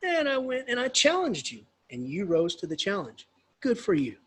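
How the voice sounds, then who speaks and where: A chummy, scolding knight who lays out his test plainly, as a lecturer puts him on. The voice is husky and sits high, with a relaxed, conversational delivery. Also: normal speed, heavily acted. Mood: explaining. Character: gruff male knight, tester, scolding.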